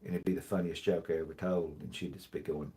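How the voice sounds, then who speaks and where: A man hosting a live stream, reading jokes aloud in a dry, deadpan way and rambling with many restarts and apologies. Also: rumbling low, quick pace. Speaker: livestream host. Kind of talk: casual livestream chat, reading jokes aloud.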